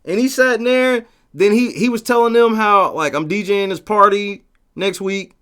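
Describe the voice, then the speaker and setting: A man hosting a casual livestream, talking profanely and telling stories with lively shouted bits as he reads the chat. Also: high voice, moderate pace, clear, resonant tone. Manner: profane, animated storytelling with shouted quotes. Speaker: livestream host reading chat.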